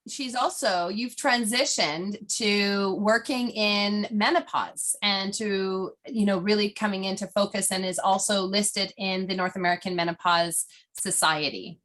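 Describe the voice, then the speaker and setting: A woman's voice: medium pitch, steady tone, a little slow, few pauses, fairly bright tone. A middle-aged woman hosting an interview in a bubbly, chatty way, laughing often and rambling a little. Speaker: host. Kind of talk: casual interview chat.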